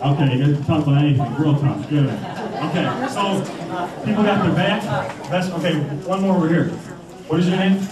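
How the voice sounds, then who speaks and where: A young man from Michigan giving an animated storytelling talk to schoolchildren in a school hall. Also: on the high side, moderate pace, a crowd in the background. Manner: animated, acts out voices. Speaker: motivational speaker. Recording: echoey hall from far off.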